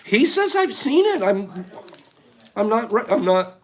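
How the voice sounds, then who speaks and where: Animated high-voiced man chatting. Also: unhurried. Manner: animated, chatty, laughs often. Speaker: livestream host. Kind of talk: casual livestream chat.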